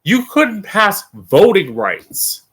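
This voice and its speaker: A man's voice: sits high, huge pitch swings, fairly bright tone, husky. A man hosting his own stream show, delivering a blunt, profane and sarcastic political rant, drawing out words for emphasis. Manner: emphatic, drawn-out stress on key words. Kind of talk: ranting political commentary.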